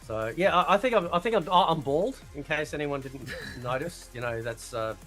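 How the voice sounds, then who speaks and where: A man chatting in an animated way and swearing freely on a live stream. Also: a little high, normal speed, soft background music. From Australia. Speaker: podcast guest. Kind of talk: casual live-stream chat.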